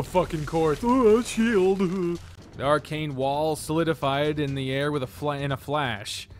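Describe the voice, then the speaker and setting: A man's voice: on the high side, a little hiss or hum. A man reading a fantasy visual novel aloud, dropping in casual, profane asides.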